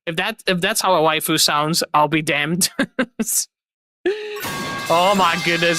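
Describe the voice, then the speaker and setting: A young woman streamer winding down a live chat, effusive and rambling as she thanks everyone again and again. Her voice sits a little low for a woman but sounds bright and forceful, and the recording is dry and close. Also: animated, measured pace, no room sound, soft background music. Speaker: streamer host.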